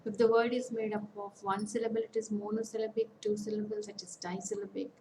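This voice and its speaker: A woman giving an online lecture, slowly listing example words one by one with pauses. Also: mid-range voice, flat delivery, mellow, reverberant, slight background noise, poor audio. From India. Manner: slow, deliberate, lists words one by one with pauses. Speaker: academic counsellor. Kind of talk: online lecture on English phonetics.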